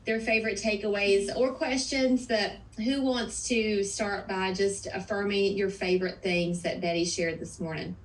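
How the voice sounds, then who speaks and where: A woman's voice: mid-range voice, steady tone, unhurried, few pauses, far from the mic, rough recording. A woman hosting a video-call meeting, gushing and encouraging as she thanks the speaker. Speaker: meeting host. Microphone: video call microphone.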